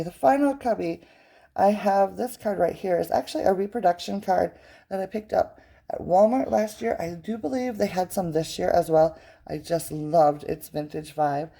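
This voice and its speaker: A woman's voice: medium pitch, vocal fry, mellow. A middle-aged woman giving a chatty, gushing tour of her home decor. She uses fillers and stops to search for words. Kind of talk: casual home tour chat.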